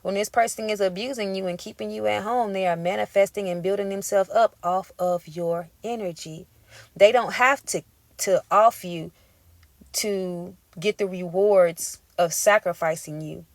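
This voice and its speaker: A woman's voice: medium pitch, normal speed, no room sound. A woman giving a tarot reading as an emphatic, profane pep talk in casual street slang. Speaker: tarot reader. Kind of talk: intuitive tarot reading monologue.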